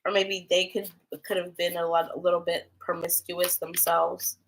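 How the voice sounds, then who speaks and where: A woman's voice: fairly low pitch, little pitch movement, normal speed, a little hiss or hum. Young woman doing tarot readings live, rambly and chatty, lots of "like". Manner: chatty, rambling, full of "like" fillers. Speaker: tarot reader. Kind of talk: casual livestream tarot reading.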